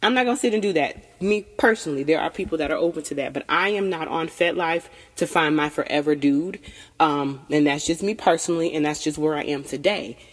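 A low-voiced woman speaks briskly in an open, easygoing chat, swearing freely and laughing a lot. She's slightly tipsy on tequila, and the recording carries the echo of a long reverberant room.

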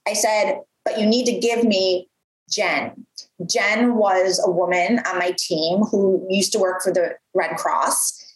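A woman in her thirties telling a story from her career in a casual, animated way, full of fillers and acted-out quotes. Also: medium pitch, slow pace. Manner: animated, lots of "like", acts out quoted voices. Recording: roomy echo.

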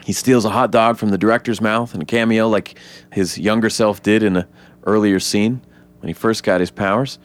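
A man co-hosting a casual podcast, retelling a film scene by scene with lively acted-out quotes and frequent swearing. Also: moderate pace. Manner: animated retelling, acts out quotes in high voices; swears freely. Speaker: podcast co-host. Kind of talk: casual movie breakdown chat.

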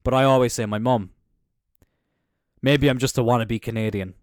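An Irish man, a young adult, hosting a casual solo podcast in an animated, jokey way with plenty of swearing. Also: mid-range voice, moderate pace, dry recording, clean studio sound. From Ireland. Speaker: podcast host.

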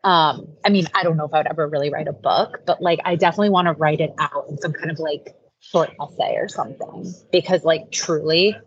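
A woman's voice: low voice, fairly even intonation, brisk, slightly rough, no room sound. A woman guest on a podcast, chatting in an earnest, casual way and leaning on "like" a lot. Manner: earnest, heavy use of "like". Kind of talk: casual interview chat. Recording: slightly dull lo-fi audio, faint noise.

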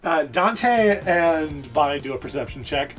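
A game master narrating a tabletop role-playing session in an animated, casual way, often using fillers. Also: medium pitch, unhurried, music in the background.

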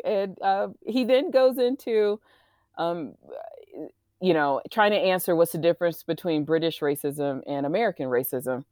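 A woman co-hosting a casual chat show, animated and teasing in an incredulous way. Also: fairly low pitch, normal speed, no room sound, clean studio sound. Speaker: co-host.

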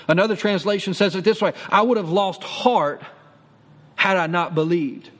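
High-pitched guy giving an earnest sermon, lots of repeating lines, echoey reverb. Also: normal speed, fairly bright tone. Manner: earnest encouraging preaching, repeats key phrases. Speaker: pastor.

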